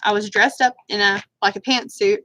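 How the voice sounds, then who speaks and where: A beauty vlogger with a Southern US accent does her makeup on a live stream from a room at home, chatting casually through a rambling, self-deprecating story. Her mid-range voice is steady, bright and forceful at a moderate pace, with no echo.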